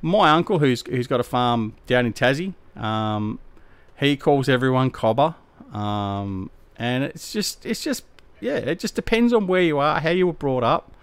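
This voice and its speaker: A man's voice: medium pitch, animated, a little slow, clean tone, no echo. A middle-aged Australian man chatting casually on a game live stream, rambling and slangy as he answers his viewers. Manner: laid-back, rambling, slangy.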